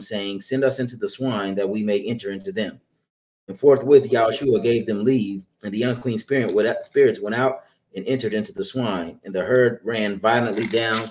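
A man reading scripture aloud in a steady, measured way. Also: on the low side. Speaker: scripture reader.

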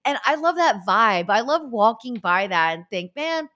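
A middle-aged woman hosting a podcast in casual chat, animated and acting out what people say. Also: mid-range voice, normal speed. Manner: animated, acts out quoted people. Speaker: podcast host.

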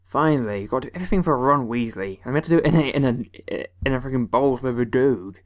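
Young english guy from the west country, yelps and grumbles at a video game while playing, mid-pitched voice. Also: fast talker. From West Country, England. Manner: excitable, exclaiming and grumbling at the game. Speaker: gaming video host. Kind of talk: let's play commentary.

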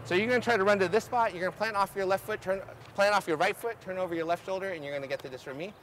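A man coaching a group through drills outdoors, energetic and instructive, often checking in with "okay?". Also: sits high, racing, a little hiss or hum. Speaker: ultimate coach. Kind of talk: outdoor coaching clinic demonstration. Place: outdoor field.

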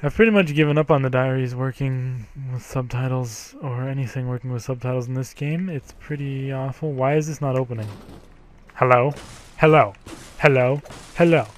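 A man giving gameplay commentary, profane, grumbling and yelling at the game. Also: mid-range voice, steady tone, fairly quick, hardly any pauses, a little hiss or hum. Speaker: let's play gamer.

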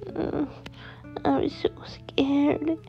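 Frightened little boy, high and pleading, a woman playing him; gravelly edge, dull lo-fi sound, faint music. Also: fairly even intonation, drawn-out words, full character voice. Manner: small pleading voice, whimpering.

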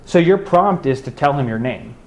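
A man's voice: a little high, animated, moderate pace, darkish tone. A young man giving a public talk to a live audience about game-based learning, speaking conversationally and putting questions to the room. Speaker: education researcher giving a talk.

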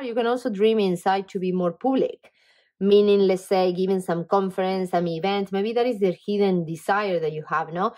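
A woman's voice: medium pitch, moderate pace. Enthusiastic tarot reader woman. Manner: animated, enthusiastic, talks straight to the viewer; frequent fillers and "okay?" check-ins. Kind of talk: casual tarot reading to camera.

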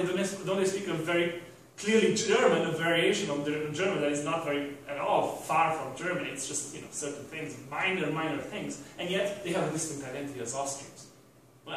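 A man's voice: high-pitched, fairly bright tone, slight background noise. A man giving a university lecture, rambling with restarts and rhetorical questions to the class. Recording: echoey room from a distant mic.

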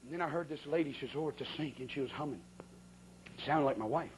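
A man preaching a sermon, telling a comic story with folksy, animated, exaggerated delivery. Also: a little high, fast, a little hiss or hum, low-quality recording.

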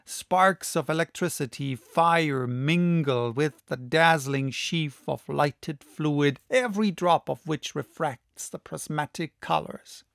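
A male audiobook narrator reads in a slow, deliberate way with a gravelly edge to his slightly raised voice. The sound is dry and close. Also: on the high side, a bit bright, no echo. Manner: measured, deliberate reading.

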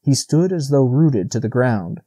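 A man narrating a classic children's novel as an audiobook, steady and even. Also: mid-range voice, a little slow, husky, dry recording, clean studio sound. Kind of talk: scripted narration.

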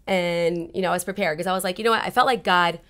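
A woman's voice: lowish voice, steady tone, fast, fairly bright tone. A woman guest in a casual interview, animatedly telling a personal story and acting out her own past conversations.

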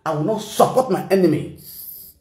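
A man's voice: high-pitched, big pitch swings, moderate pace, mellow, roomy sound. A man with a Nigerian accent giving casual, mocking commentary in a rant. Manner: mocking, mixes pidgin and local languages. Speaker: online commentator.

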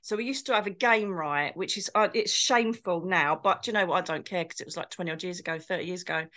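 A woman's voice: on the low side, lively intonation, fast, few pauses, sharp tone. A middle-aged woman, telling stories in a casual chat and swearing now and then. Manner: chatty storyteller, swears, does posh impressions. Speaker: co-host, medium.

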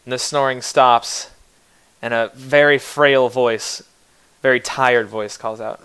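A man's voice: mid-range voice, steady tone, slow, a bit bright, clean tone. A man runs a tabletop game as game master, narrating scenes in a loose, casual way. He jokes and restarts his phrases often. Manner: casual, joking, with many restarts.

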